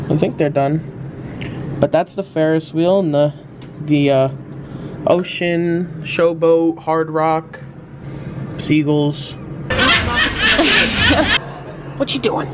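A man's voice: a little high, background noise. A young man vlogging casually at the seaside, joking around and breaking into laughs. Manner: laid-back, jokey, breaks into laughs. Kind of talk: casual vlog chat. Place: seaside hotel and beach, outdoors.

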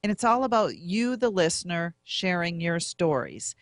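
A woman's voice: lowish voice, very animated, normal speed, no room sound, studio quality. A woman co-hosting a casual podcast, promoting the call-in show in an upbeat way. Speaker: co-host.

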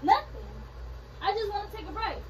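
A woman with a very high voice talks casually, insistent and repetitive. She is recorded from a distance, with clear background noise around her. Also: very animated, fairly quick, a little mellow. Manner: insistent, repeating herself. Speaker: vlogger. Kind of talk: casual prank banter. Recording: distant mic in a noisy room.

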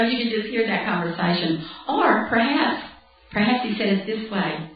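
A woman's voice: mid-range voice, normal speed. Woman preaching in an echoey hall. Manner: conversational, animated, laughs and acts out dialogue. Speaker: Bible camp speaker. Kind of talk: sermon teaching. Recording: distant, roomy, dull lo-fi hall recording with faint music.

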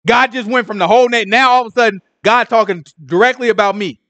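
A man's voice: very high-pitched, fast, fairly bright tone, highs cut off, voice pushed up. A man voicing an indignant, mocking male governor who is outraged at being challenged.

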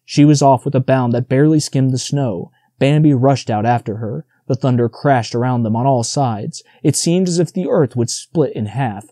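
A man reading a storybook audiobook aloud in a steady, measured narration. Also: mid-range voice, no room sound, clean studio sound.

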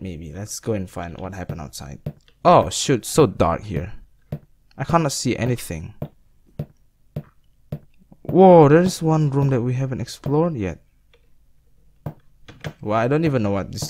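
A young man giving rambling let's-play commentary, yelling at the characters on screen. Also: mid-range voice, a little hiss or hum. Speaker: gaming commentator.

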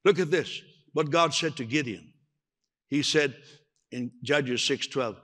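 An older man preaching a sermon as pastor, emphatic and animated, acting out quotes along the way. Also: on the high side, normal speed.

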